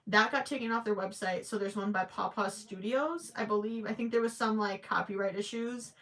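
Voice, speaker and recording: A woman's voice: mid-range voice, steady tone, brisk, fairly bright tone. A young woman livestreaming while she crochets, chatting casually and reading viewer comments aloud.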